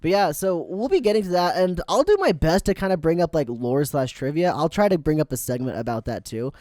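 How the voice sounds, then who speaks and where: A man hosting a podcast, recapping cartoon episodes in casual, animated chat and laughing often. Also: a little high, a little fast, no echo, clean studio sound. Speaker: podcast host.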